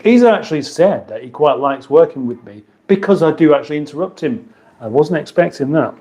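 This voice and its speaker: A man's voice: fairly high pitch, lively intonation, fairly quick, a little mellow. A man with an English accent hosting a casual live stream from his kitchen, reading viewer comments aloud with dry, playful banter. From England. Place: home kitchen.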